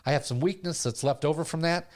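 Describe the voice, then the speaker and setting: A man's voice: on the high side, quick pace. An older man hosting a podcast, telling a personal story in a casual way and acting out what he and others said. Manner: animated storyteller who acts out his own past voices. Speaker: podcast host.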